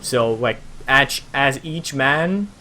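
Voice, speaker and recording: A man narrating a tabletop role-playing game as game master, casual and halting with fillers. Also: mid-range voice, lively intonation, bright, forceful tone.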